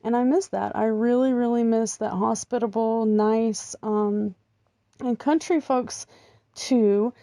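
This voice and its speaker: Slow rambly american lady chatting, mellow voice, dry close mic. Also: on the high side, fairly even intonation, dry recording. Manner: rambling, chatty, with frequent ums and laughs. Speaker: vlogger. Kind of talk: casual chat.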